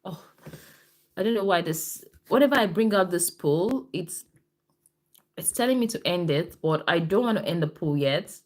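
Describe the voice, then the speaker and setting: A woman's voice: on the low side, lively intonation, normal speed. Chatty woman nurse hosting a live stream. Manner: chatty, repeats herself, reads out viewer comments. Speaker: nurse and midwife hosting a live health show. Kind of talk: casual livestream talk answering comments.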